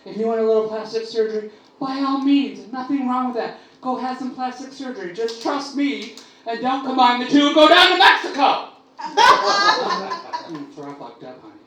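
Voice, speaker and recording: A woman's voice: on the high side, animated, a little fast. Brash woman comic in an echoey club. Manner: brash, bawdy, big exaggerated delivery. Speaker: stand-up comic. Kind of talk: stand-up comedy set. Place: comedy club stage. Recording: echoey club miked from a distance, loud room noise.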